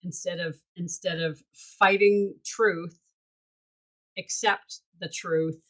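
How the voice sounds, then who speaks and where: Woman co-host, lowish voice, reflective coaching chat, halting restarts. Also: fairly even intonation, fairly bright tone, rough recording. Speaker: podcast co-host. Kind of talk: casual chat.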